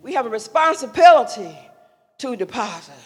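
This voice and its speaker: An older woman giving an impassioned, preacherly speech to young adults, rising to loud emphatic calls. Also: a little high, animated, moderate pace, breathy edge, faint music behind. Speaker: speaker sharing a mother's wisdom. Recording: long echo of a large hall.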